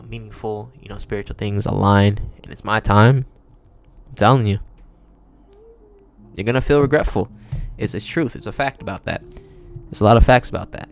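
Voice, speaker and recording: A man with a lowish, creaky voice runs his own podcast, chatting in a relaxed way full of slang and frequent laughter. He's a podcast host who also sings, delivering a casual monologue on his own.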